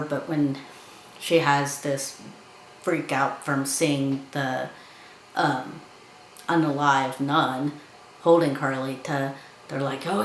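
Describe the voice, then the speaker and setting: A woman's voice: sits low, reverberant, a little hiss or hum, low-quality recording. A woman giving a casual film review, chattily retelling scenes and acting out the characters' lines.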